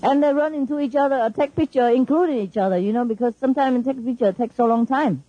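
Husky woman teacher, animated talk. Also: sits high, quick pace, highs cut off. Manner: animated and emphatic, laughing often, non-standard English grammar. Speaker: spiritual teacher. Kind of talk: informal talk to followers.

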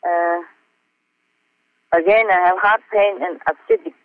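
A man reading aloud from his personal diary notes as a spiritual teacher, earnest and halting, with many fillers and small self-mocking laughs. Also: high-pitched, big pitch swings, creaky, no room sound. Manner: earnest, heartfelt. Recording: tinny phone-like audio.

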